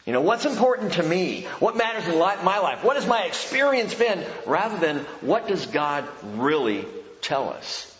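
A man's voice: high-pitched, very animated, moderate pace, fairly bright tone. A man, a pastor and Bible teacher, preaching a sermon in a conversational, emphatic way with rhetorical questions. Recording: echoey hall, dull lo-fi sound.

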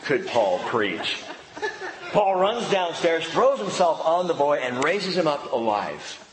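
A man preaching a sermon as a pastor, shifting from loud animated bursts to hushed, slow emphasis. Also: on the high side, background noise. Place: church hall. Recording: roomy hall reverb, faint background ambience.

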